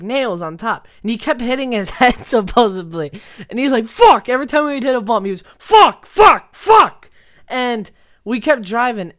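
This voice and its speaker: A man's voice: high voice, a bit bright. Young man telling a rambling, cursing story. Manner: rambling, profane, laughs through his story. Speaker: vlogger. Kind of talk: casual storytime.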